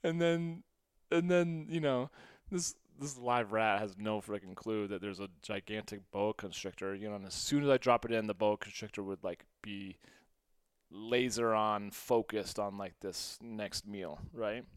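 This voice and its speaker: Casual male host, low and smooth, telling an animated story and laughing often. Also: unhurried, dry recording, clean studio sound. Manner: animated, swings between hushed and loud; laughs often, quotes himself. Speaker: podcast host.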